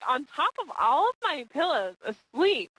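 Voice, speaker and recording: A young adult woman telling a lively anecdote in casual podcast chat, laughing as she goes. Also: high voice, unhurried, very noisy. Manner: animated, laughing storyteller.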